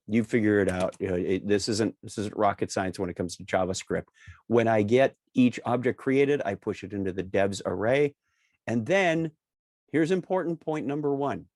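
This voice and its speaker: Male co-host, lowish voice, dry close sound, joking demo style, hammers key points. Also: darkish tone, no room sound. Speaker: co-host presenting a software demo. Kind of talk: casual screen-share tutorial.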